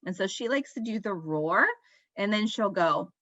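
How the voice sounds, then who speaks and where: A woman's voice: medium pitch, expressive, moderate pace, a bit bright, no room sound. A woman in her thirties presents a parenting webinar in a conversational, explanatory way and draws on everyday examples. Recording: slightly dull lo-fi, dry sound.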